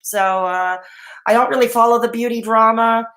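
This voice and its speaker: A woman's voice: a little high, fairly even intonation, moderate pace, a bit bright, roomy sound. A woman hosting a casual live stream, chatting and answering viewer comments with many fillers and restarts, while she has the hiccups. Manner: rambling, frequent fillers and restarts.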